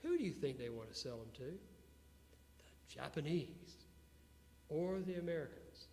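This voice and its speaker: A man being interviewed before an audience, telling business stories in an animated way and putting questions to the crowd. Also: on the high side, a little slow. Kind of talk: storytelling talk to an audience. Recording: long hall reverb with faint hum.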